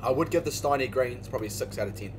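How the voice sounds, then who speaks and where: A man's voice: medium pitch, lively intonation, fast, noisy background. A young man with a New Zealand accent hosting a casual beer tasting, swearing freely and laughing often. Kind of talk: casual chat.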